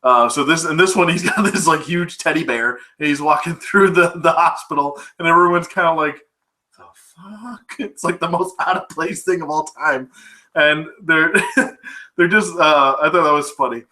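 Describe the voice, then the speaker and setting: Male film reviewer, casual and rambly, swears and laughs a lot, crisp bright tone. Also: on the high side, moderate pace. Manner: rambling, laughing, profane, full of fillers. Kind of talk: casual movie recap.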